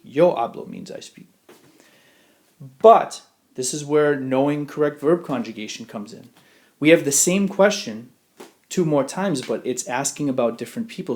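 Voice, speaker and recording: Man explaining grammar in a screencast. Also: medium pitch. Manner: explanatory, rhetorical questions, slowed example phrases. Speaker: Spanish teacher. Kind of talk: screencast lesson.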